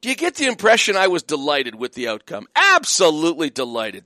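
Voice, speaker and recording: Male radio host, high and lively voice, emphatic and mocking, dry studio sound. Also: brisk, hardly any pauses, dry recording. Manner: emphatic, mocking, many fillers. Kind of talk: opinionated radio monologue.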